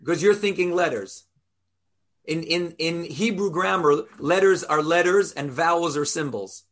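A man's voice: fairly high pitch, measured pace, a bit bright. A rabbi teaching an informal Torah class, explaining step by step and quizzing his listeners in a conversational way.

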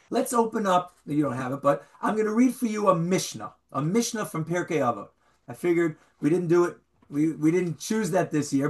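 Animated man teaching a Bible class. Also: on the high side. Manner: animated, questions the students, reads Hebrew aloud. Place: classroom with a small group.

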